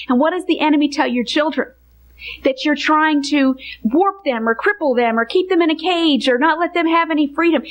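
A woman's voice: sits high, poor audio. A woman teaching from the Bible to other women in an earnest, emphatic sermon style, building her points through repeated parallel phrases.

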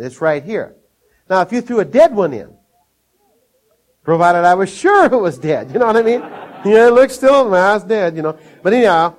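An older man from Minnesota preaching a sermon, telling folksy stories, chuckling often and acting out scenes in a raised voice. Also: a little high. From Minnesota, USA.

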